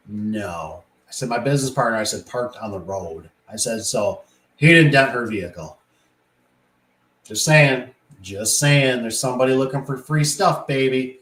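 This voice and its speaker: A man who installs garage doors, telling work stories in a casual, rambling way and acting out the voices in them. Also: mid-range voice. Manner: rambling, animated, acts out quoted voices. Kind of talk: casual storytelling monologue. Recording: echoey room.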